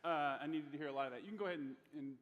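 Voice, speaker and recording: A young man gives a youth sermon, nervous and chatty, stumbling over restarts. His voice sits a little high, with long hall reverb behind it. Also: rapid-fire, a faint crowd. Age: young adult. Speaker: youth speaker.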